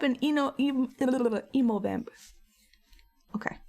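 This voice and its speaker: A chatty young woman with a slightly high voice talks casually to her stream chat while she paints. She greets viewers by name and giggles often, speaking into a desk mic at home. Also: measured pace.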